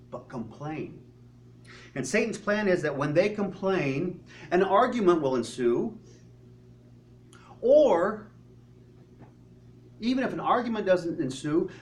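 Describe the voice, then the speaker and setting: In a high-pitched, darkish voice, a male pastor preaches earnestly, asking his congregation many rhetorical questions. The mic is distant and carries a faint hum.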